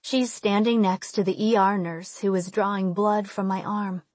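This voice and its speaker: A woman reading a first-person audiobook, measured in her narration and emotional in the dialogue, on a close studio mic. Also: medium pitch, steady tone, a little mellow, no room sound.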